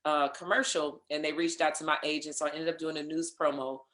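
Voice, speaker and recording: A woman being interviewed, telling a lively story in casual conversation, acting out what others said and laughing along. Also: sits low, fairly quick, reverberant. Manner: animated storyteller, acts out others' lines, laughs. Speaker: interview guest, singer and voice actor.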